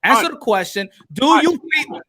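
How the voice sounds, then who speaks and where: A man hosting a live online boxing debate, insistent and repeating himself as he presses his question. His voice sits high and swings widely. The tone is bright. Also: sing-song, moderate pace. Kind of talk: heated panel debate.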